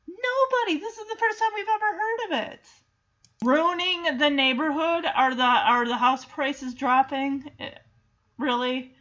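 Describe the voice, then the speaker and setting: A woman hosting a show, chatting through a sitcom episode in an animated, sarcastic way. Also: high-pitched, normal speed, lo-fi sound. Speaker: recap podcast host. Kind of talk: casual episode recap commentary.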